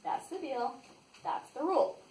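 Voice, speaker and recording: A woman reading a silly book aloud to children, playful and animated, with bursts of shouted nonsense sounds. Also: high voice, normal speed. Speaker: read-aloud reader for children. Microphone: far from the mic. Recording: roomy echo from a distant mic, faint noise.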